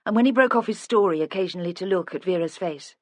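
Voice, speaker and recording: A measured audiobook narrator reading a crime novel in an even, unhurried manner. The voice sits mid-range and is recorded close and dry, with no room sound around it. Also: medium pitch, no echo. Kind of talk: scripted narration.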